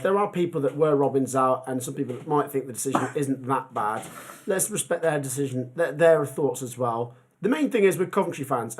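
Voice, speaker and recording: A chatty man with a slightly high voice hosts a football fan channel livestream, rambling casually with lots of ums while reading comments.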